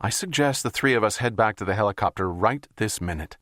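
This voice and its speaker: A man's voice: lowish voice, expressive, brisk, a bit bright, no room sound, studio quality. A man reading the lines of a tough woman field agent who gives curt orders in an audiobook. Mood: commanding. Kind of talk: audiobook character voice.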